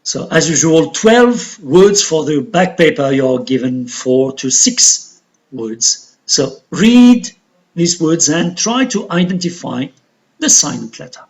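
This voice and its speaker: Woman, English teacher, very slow, lively pitch, careful repetition. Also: rough recording. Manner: repeats words carefully for pronunciation. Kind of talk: classroom lesson, slow and deliberate.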